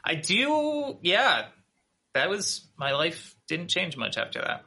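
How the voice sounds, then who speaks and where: A man with a Minnesotan accent, chatting as an interview guest in a relaxed, halting way. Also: sits high, vocal fry, husky. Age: adult with a child. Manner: relaxed, halting, many fillers and restarts. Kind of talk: casual interview chat.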